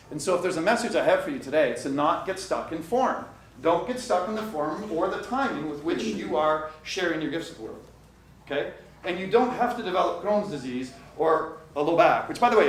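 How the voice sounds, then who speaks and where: A middle-aged man giving a motivational workshop talk to a live audience, animated and addressing the crowd directly. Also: on the high side. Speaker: coach and workshop speaker. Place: conference room with live audience. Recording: echoey room, distant mic, faint noise.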